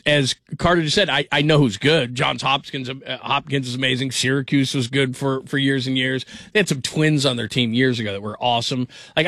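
A man's voice: mid-range voice, a bit bright, no room sound. A man hosting a late-night sports talk radio show, rambling and restarting his sentences and laughing often. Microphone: studio microphone. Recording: dry close studio sound.

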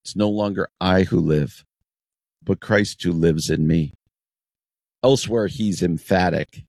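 A man's voice: deep voice, unhurried, vocal fry, darkish tone, no room sound. A man giving a devotional radio message in an earnest, emphatic way, repeating key phrases.

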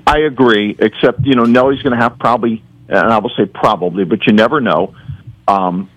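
A man's voice: medium pitch, fairly quick, dry recording, low-quality recording. A man speaking as a casino entertainment representative in a radio interview, with lots of fillers and restarts. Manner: hesitant, many fillers and restarts.

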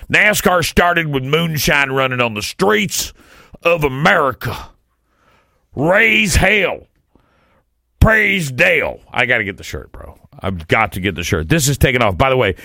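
A talk radio host from Southwest Florida, his voice bright and forceful. He jokes with his co-host and chants catchphrases in a dry, close studio sound with ordinary pitch. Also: no echo. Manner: animated, chants a catchphrase, joking. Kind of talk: casual talk radio banter. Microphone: studio microphone.

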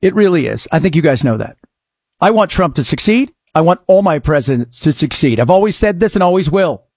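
A man hosting a talk radio show, delivering a sarcastic, animated monologue. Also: fairly high pitch, fairly quick, husky, no echo, clean studio sound.

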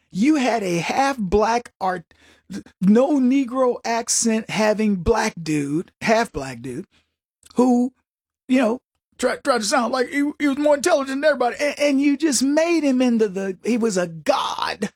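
A man's voice: very high-pitched, expressive, a little slow, husky, dry recording, studio quality. A man hosting a political talk show, delivering an opinionated, mocking comedic monologue. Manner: mocking, mimics opponents in exaggerated voices, laughs at own jokes. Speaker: political commentary host.

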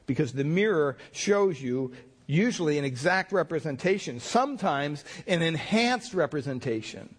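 Man, pastor, sermon, folksy storyteller, conversational, slightly high voice. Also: animated, moderate pace, slightly rough.

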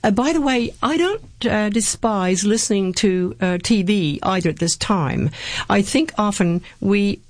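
In a recording with no room sound, a woman speaks at a measured pace in an expressive, mid-range voice. As a guest in an interview, she earnestly relates her personal faith story, quoting from scripture along the way.

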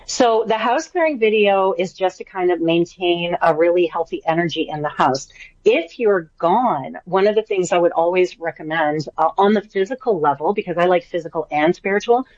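A woman who works as an animal communicator is a guest on a radio interview, talking in a warm, chatty, enthusiastic way with many fillers. Her voice sits on the low side at a moderate pace. There's no room sound, and the highs are cut off.

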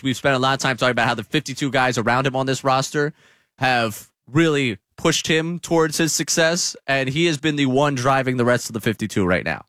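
A man's voice: mid-range voice, a bit bright, dry recording. A man hosting sports talk radio, breaking down the team's start in a studio. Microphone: studio mic.

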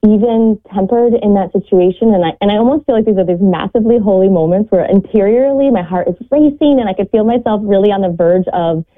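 A woman's voice: medium pitch, fast talker, few pauses. Earnest woman guest over a phone line. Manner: earnest, heartfelt, quotes scripture. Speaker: guest mother and podcaster. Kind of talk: reflective faith talk.

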